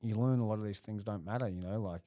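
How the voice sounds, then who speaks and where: A middle-aged man with a very low, deep voice, chatting easily on a podcast. He keeps it casual and friendly, throws in "bro" and "man", and slips into quick laughs as he tells stories. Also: warm tone, dry recording, studio quality. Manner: laid-back, frequent "bro" and "man", laughs while telling stories. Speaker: jiu-jitsu gym owner and competitor.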